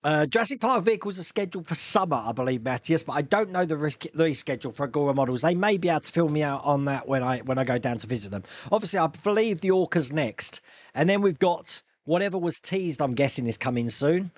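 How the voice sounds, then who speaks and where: Man hosting chatty live-stream Q&A, lively pitch, slightly high voice, dry close sound. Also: fast, no echo. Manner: chatty, rambling, reads viewer comments aloud. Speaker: live stream host answering viewer questions. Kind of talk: casual chat. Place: home hobby room.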